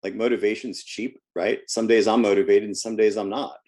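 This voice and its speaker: Guy w a lowish voice, health coach chatting in an interview, lots of stories and restarts. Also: steady tone, brisk, darkish tone. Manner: storytelling, repeats words when restarting. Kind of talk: casual interview talk.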